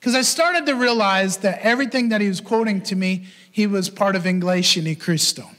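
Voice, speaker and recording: A man preaching a sermon as pastor and podcast host, telling a story in an animated way and acting out the voices he quotes. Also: sits high, a little fast. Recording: long hall reverb.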